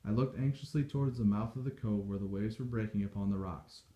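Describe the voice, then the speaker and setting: A man reading a novel aloud in steady, measured storytelling. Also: lowish voice. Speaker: audiobook reader. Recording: dull echoey home recording.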